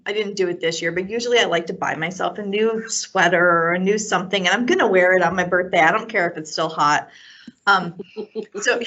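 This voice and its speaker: A woman's voice: lowish voice, fairly bright tone. A woman librarian chatting casually about fall, rambling and cheerful, poking fun at herself. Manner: rambling, cheerful, self-mocking. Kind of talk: casual chat. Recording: lo-fi muffled audio.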